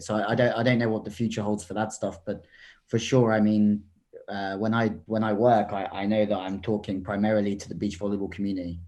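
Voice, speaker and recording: English man, 30s, podcast guest, relaxed chatty delivery, lowish voice. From England. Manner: relaxed, chatty, laughs easily. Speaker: guest commentator and coach. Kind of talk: casual podcast chat.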